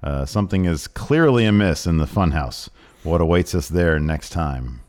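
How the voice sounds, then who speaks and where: Man, host, very low voice, swooping animated pitch, casual chat, hyped read-outs. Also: normal speed. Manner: reads previews in a hyped announcer voice, then chats loosely. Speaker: podcast host.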